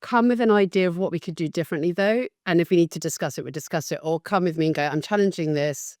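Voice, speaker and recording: A woman in her fifties, a guest on a podcast interview, telling her career story in a candid and animated way. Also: on the low side, very fast, no echo, clean studio sound. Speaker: guest, facilitation business founder.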